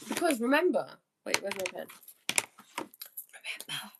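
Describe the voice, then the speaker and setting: A young woman with an expressive mid-range voice coaches viewers on a live stream at a moderate pace. Reading each question aloud before answering them one by one, she speaks earnestly about spiritual ideas and laughs easily.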